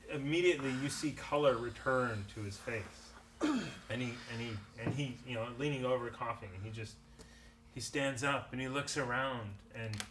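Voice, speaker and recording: A man narrating as game master of a tabletop game, halting and restarting often. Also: medium pitch, fairly bright tone, recorded from a distance. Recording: faint background noise.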